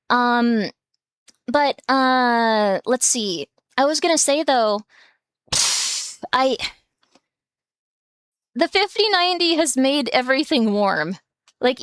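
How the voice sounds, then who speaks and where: High-voiced chatty woman streamer. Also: smooth, no room sound, clean studio sound. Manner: rambling and chatty, full of filler words; giggly, breaks into small laughs. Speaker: streamer host. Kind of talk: casual live-stream chat. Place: home room with her cats.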